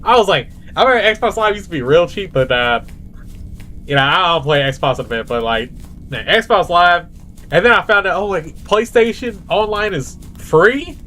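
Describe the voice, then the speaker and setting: A man's voice: sits high, animated, normal speed, bright, forceful tone. A young man vlogging in a rambling, casual monologue, full of fillers and tangents.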